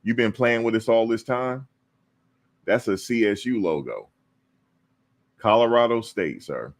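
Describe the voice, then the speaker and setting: A man's voice: mid-range voice, a little slow. A man hosting a casual live-stream talk show, teasing and answering his viewers. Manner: animated, teasing, talks to viewers and chat. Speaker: show host.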